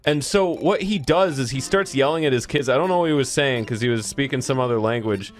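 A man's voice: medium pitch, a little fast, faint music behind. A man co-hosting a casual chat, telling a profane, incredulous anecdote. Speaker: co-host.

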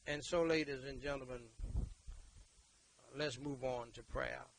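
A man, preaching a sermon and leading prayer, emphatic and repetitive, moving between loud exhortation and quiet talk. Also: mid-range voice, steady tone, unhurried, gravelly, slight background noise, poor audio.

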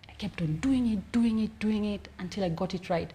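A young woman with a Kenyan accent chats about her career in an interview. She tells her stories in a lively way, often breaking into laughter, her voice sitting at a medium pitch. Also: fairly quick, slight background noise. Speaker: comedian guest. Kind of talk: casual interview chat.

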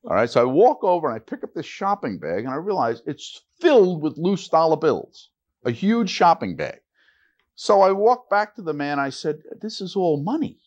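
A man's voice: a little high, moderate pace, highs cut off. An older man, a retired teacher, telling stories in an oral history interview and animatedly acting out the people he quotes. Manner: animated storyteller who acts out quoted voices.

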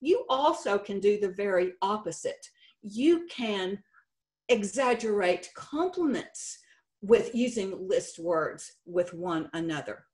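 A woman's voice: medium pitch, animated, slow pace, darkish tone. A middle-aged woman with a Texan accent, a state contest director giving a folksy, lightly humorous conference presentation. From Texas.

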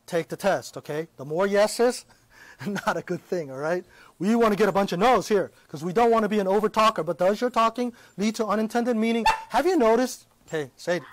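A man's voice: high-pitched, a little fast, no room sound. A man giving a casual live-streamed Bible lesson, preaching in a conversational way and often checking in with "okay?". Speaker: Christian teacher.

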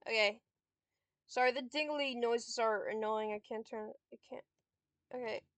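High-voiced woman swearing at a game. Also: fairly even intonation, measured pace, fairly bright tone, no room sound. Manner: frustrated, swearing, talking to herself. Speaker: streamer playing a board game. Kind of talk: casual gameplay commentary.

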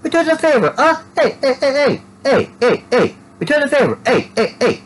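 A man putting on a high, nasal voice as a hyped-up street guy with an odd accent. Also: very animated, moderate pace, full character voice. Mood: pushy.

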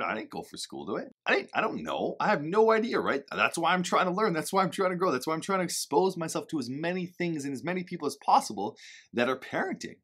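A man giving a casual, candid talk to camera about parenting, animated and swinging to loud emphatic bursts, swearing now and then. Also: medium pitch, breathy edge. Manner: occasional swearing. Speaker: parenting vlogger.

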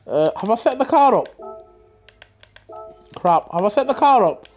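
Over soft background music, a young British gaming streamer with a high voice offers unhurried live commentary on a racing game through his headset. His intonation is lively, and he swaps slangy banter with chat while laughing often.

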